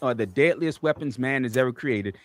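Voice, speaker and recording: A man's voice: medium pitch, moderate pace, no echo. A man on a podcast panel, swearing freely and telling a story with lots of energy in casual chat. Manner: profane, animated storytelling.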